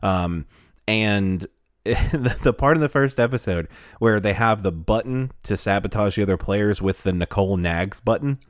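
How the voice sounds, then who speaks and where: Chatty low-voiced man, dry sound. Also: normal speed, no echo. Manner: animated, laughs often, trails off searching for words. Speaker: podcast co-host. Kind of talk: casual chat.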